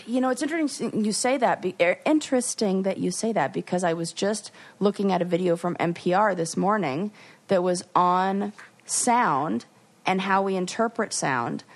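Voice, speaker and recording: A woman co-hosting a podcast, retelling what she watched in a lively, chatty way with restarts and playful asides. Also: fairly low pitch. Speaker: podcast co-host. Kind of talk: casual chat.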